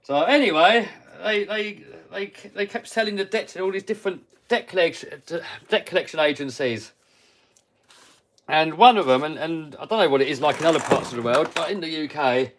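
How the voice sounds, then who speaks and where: British bloke on a live stream, kinda high voice, chatty storytelling that jumps from mumbly to loud. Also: male voice. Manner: animated, swings between mutters and loud outbursts. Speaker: livestream host. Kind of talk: casual storytelling.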